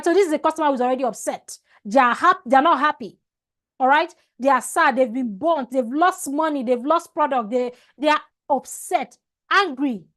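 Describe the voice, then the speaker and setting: A woman with a high voice teaching a customer service class over a video call. She talks emphatically, repeats and restarts her phrases, and often stops to ask "All right?". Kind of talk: online training lecture.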